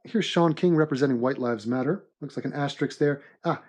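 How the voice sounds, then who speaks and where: With a mid-pitched voice and a slightly fast delivery, a man narrates animated comedy commentary. He keeps a straight face through the jokes, dry and sarcastically mock-serious.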